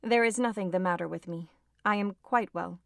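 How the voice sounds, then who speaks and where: A woman's voice: medium pitch, normal speed, creaky, dry recording, lightly acted. A woman reading an audiobook voices a distraught young woman, agitated and close to tears. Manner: agitated, tearful pleading.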